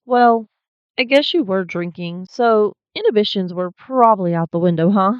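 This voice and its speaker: A woman's voice: medium pitch, lively intonation, moderate pace, clean tone, no room sound. A woman hosting a channel, reading paranormal stories aloud and breaking in with blunt, swearing asides. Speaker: host. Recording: slightly dull lo-fi recording.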